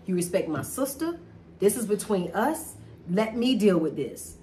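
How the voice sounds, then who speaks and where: A woman's voice: mid-range voice, very animated, unhurried, mellow, a little hiss or hum. A middle-aged woman in an emotional, casual chat, talking animatedly and repeating herself for stress. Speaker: host talking about a family conflict.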